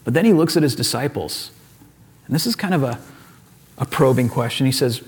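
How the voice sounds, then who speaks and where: A male pastor preaching a sermon, retelling scripture stories in an animated, casual way and acting out the characters' lines. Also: medium pitch, fairly quick.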